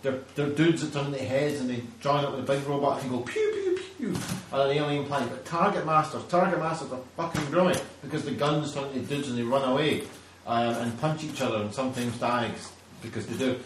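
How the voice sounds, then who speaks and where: A man's voice: mid-range voice, fast talker, slight background noise. A man hosting a podcast, ranting animatedly and swearing a lot in casual chat. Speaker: podcast host. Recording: echoey room, distant mic.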